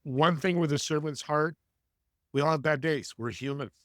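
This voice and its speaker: A man as a podcast guest and networking coach, telling stories in an energetic, preachy way and speaking straight to the audience. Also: on the high side, moderate pace, dry recording, clean studio sound. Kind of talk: conversational storytelling.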